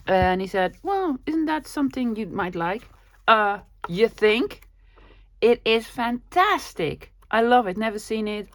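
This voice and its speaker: Showing a thrift haul in a casual, chatty vlog, this woman speaks in a mid-range voice with flashes of giddy excitement. A sore throat and an oncoming cold color her talk.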